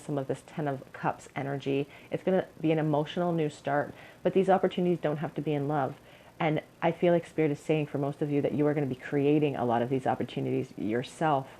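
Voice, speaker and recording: A young woman with a low, warm voice gives her viewers a pick-a-card tarot reading that is earnest and encouraging. The recording quality is poor.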